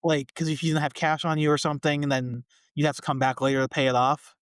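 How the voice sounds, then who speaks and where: A man co-hosting a podcast, casually recapping a sitcom episode with a relaxed, chatty delivery. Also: fairly high pitch, quick pace, clear, resonant tone, no room sound, studio quality. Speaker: podcast co-host.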